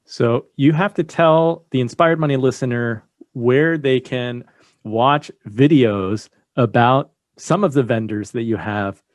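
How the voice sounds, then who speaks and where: A man's voice: medium pitch, a little slow, no echo, studio quality. A man hosting an interview podcast, thanking his guest and closing the episode in an upbeat manner. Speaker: podcast host. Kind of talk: interview host and closing monologue.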